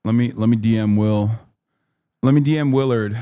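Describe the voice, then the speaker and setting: A man's voice: lowish voice, normal speed, dark tone, smooth. A man streaming heated, profane political commentary, often slipping into mocking voices. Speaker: streamer reacting to news.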